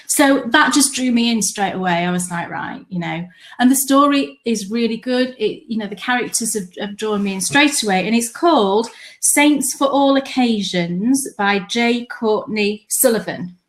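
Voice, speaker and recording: A woman's voice: on the high side, normal speed. A woman co-hosting a live podcast show, chatting casually and telling stories with enthusiasm. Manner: chatty, enthusiastic, animated storytelling. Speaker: podcast co-host. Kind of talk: casual chat. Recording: live stream from home.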